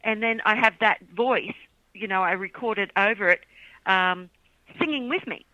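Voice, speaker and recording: A woman's voice: mid-range voice, normal speed, no room sound, lo-fi sound. A middle-aged woman chatting casually as a guest, telling stories animatedly and laughing often. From Australia. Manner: animated storyteller, laughs often, acts out quotes. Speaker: guest, children's songwriter. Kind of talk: casual podcast chat.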